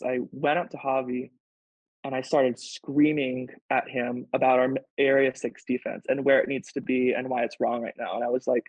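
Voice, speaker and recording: A medium-pitched man, a professional volleyball player, talks as a podcast guest in a relaxed, heartfelt, emotional way, frequently saying "like". The recording is dry, dull and lo-fi.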